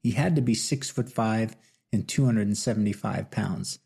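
A man narrates a novel in a steady, measured way. His voice is gravelly and husky, with a dark, mellow tone. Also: on the low side. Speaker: audiobook narrator. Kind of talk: scripted narration.

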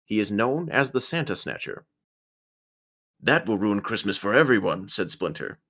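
A man co-hosting a podcast, giving a dramatic reading of a children's book and lifting his voice for each character. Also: normal speed. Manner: lively storybook reading, pitches up for character lines. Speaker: podcast co-host.

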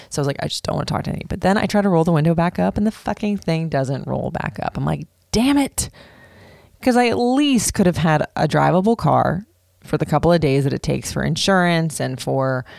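A woman in her thirties telling a personal story to camera in an animated, casual way, full of "like" and swearing freely. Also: sits low, creaky, dry recording, studio quality. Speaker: vlogger. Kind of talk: storytime monologue.

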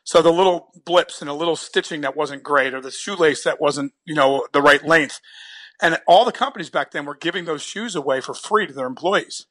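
A man's voice: on the high side, brisk, fairly bright tone. A man from New Jersey telling a story in a casual, chatty way, often repeating his first words and laughing as he goes.

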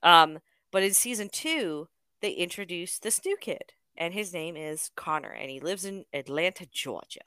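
A woman's voice: on the low side, expressive, normal speed, bright, forceful tone, clean tone, no echo, studio quality. A woman co-hosting a podcast, retelling a show in a chatty, giggly way. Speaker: podcast co-host. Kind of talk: casual podcast chat.

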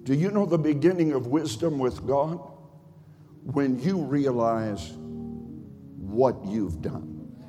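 A male pastor preaching a sermon in a rhythmic, cadenced style that swells into shouts. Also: medium pitch, animated, slow, long pauses, in a large hall, faint music behind. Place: church sanctuary.

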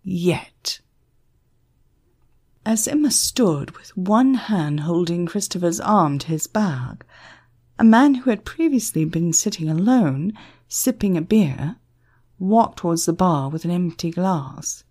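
A woman narrating an audiobook in an expressive, measured storytelling manner. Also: lowish voice.

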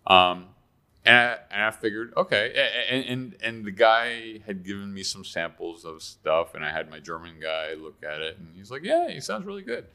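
A man speaking as a guest author in casual conversation, halting and often restarting his words. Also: deep voice, fairly even intonation, pushed and bright, smooth.

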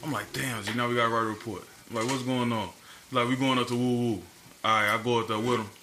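Talking fast in a mid-range voice, this man co-hosts a casual podcast where he spins profane, animated stories and performs the quotes. You can hear a roomy echo and a little background noise in the recording.

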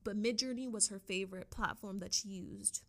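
A young woman hosting a podcast in a casual, chatty way, excitable and talking straight to her listeners. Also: medium pitch, normal speed, vocal fry. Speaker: podcast host. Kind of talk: casual chat.

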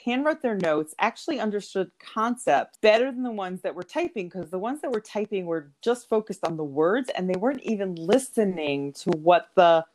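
A woman talking in a relaxed chat who tells stories with frequent laughter. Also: medium pitch, normal speed, few pauses, slight background noise. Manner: animated storyteller, laughs often. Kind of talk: casual conversational chat.

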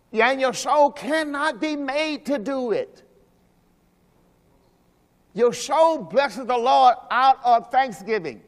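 A man preaching a sermon as pastor. He talks emphatically, asks the congregation questions, and drops into low quiet asides. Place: church sanctuary. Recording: long hall reverb from a church service.

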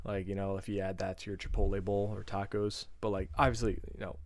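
A man's voice: fairly low pitch, level tone, fast, no room sound. A man co-hosting a podcast, chatting casually about food and often searching for words with fillers and restarts. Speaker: podcast co-host.

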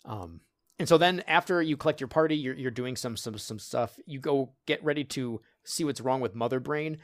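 Animated man on a dry podcast mic. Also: mid-range voice, moderate pace, no room sound. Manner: animated storyteller acting out game dialogue, frequent laughs. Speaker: podcast co-host. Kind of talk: casual chat.

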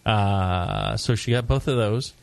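Gravelly, animated male show host. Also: lowish voice, takes it slowly, dry recording. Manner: joking, animated, teasing. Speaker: podcast host. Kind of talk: casual beer talk show.

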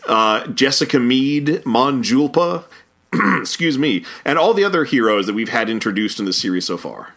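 A man co-hosting a casual podcast about an old cartoon series, lively and chuckling, often stumbling over names. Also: medium pitch, normal speed, creaky. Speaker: podcast co-host.

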